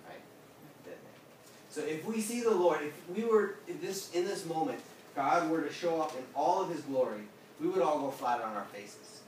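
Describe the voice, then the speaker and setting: A man with a slightly high voice gives a casual Bible talk to a small group, throwing questions to the room. He acts out quotes with lively bursts of voice. He is recorded from across a very echoey room with a faint hiss behind him. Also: normal speed. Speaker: pastor. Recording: echoey room, mic at a distance.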